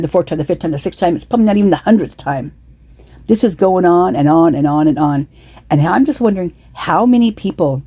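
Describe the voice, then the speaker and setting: A woman rambles through casual true-crime commentary, indignant and repetitive, with a low, dark and husky voice. She has the hiccups, and the dry, close sound carries no room around her. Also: dry recording. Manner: indignant, repetitive, many restarts and asides.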